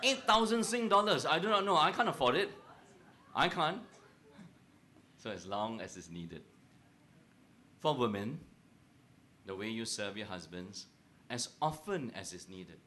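A man's voice: mid-range voice, unhurried, pauses often, a little hiss or hum. A middle-aged man preaching a humorous sermon, joking with and teasing his audience and asking them questions. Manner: joking, teasing, animated, asks the crowd questions. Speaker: pastor.

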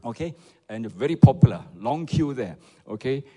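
A man's voice: medium pitch, lively intonation, moderate pace, dark tone, breathy edge, long reverb tail. A man with a Malaysian English accent, a pastor preaching a sermon and often calling on the congregation to respond. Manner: rhetorical, repeatedly asks the audience for replies.

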